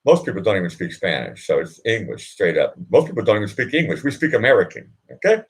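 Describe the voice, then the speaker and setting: A man's voice: fairly low pitch, big pitch swings, fast talker. A man hosting a casual live chat, telling rambling stories with frequent laughs and fillers. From Boston. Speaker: live stream host. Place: indoors at home.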